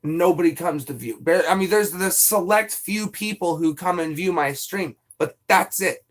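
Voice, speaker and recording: High-voiced young man venting on stream. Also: moderate pace. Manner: profane, venting, rambling. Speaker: live streamer. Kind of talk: casual stream chat.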